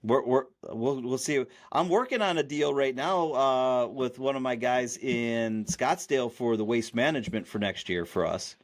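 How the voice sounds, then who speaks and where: A man's voice: medium pitch, moderate pace, hardly any pauses. A man co-hosting a podcast in casual chat, rambling with many restarts and fillers. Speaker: podcast co-host.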